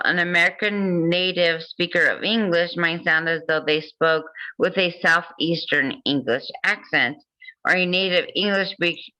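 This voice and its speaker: Bright-voiced woman reading aloud. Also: lowish voice, rough recording. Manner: reads passages then comments with jokes and laughs. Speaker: host. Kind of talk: reading aloud and casual chat.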